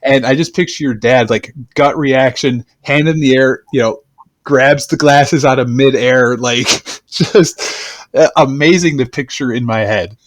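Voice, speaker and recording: A man hosting a podcast, talking in a relaxed, chatty way with lots of fillers. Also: medium pitch, unhurried, no room sound. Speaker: podcast host. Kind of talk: casual podcast chat.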